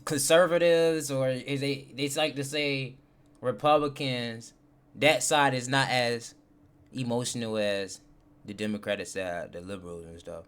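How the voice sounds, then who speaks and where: A man's voice: mid-range voice, fairly even intonation, measured pace, a bit bright, clean tone. A man streaming live and reacting to a clip in casual chat, rambling and thinking aloud with filler words. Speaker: livestreamer.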